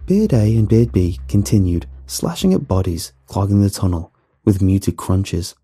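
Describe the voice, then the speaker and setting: Husky man narrating a horror story. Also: on the low side, expressive, a little slow, dark tone.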